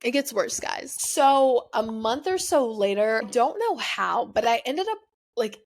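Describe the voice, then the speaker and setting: At a measured pace, a young American podcast host with a fairly high voice and big pitch swings shares a personal breakup story. She tells it in a rambling, emotional, confessional way, leaning hard on "like" and "you know."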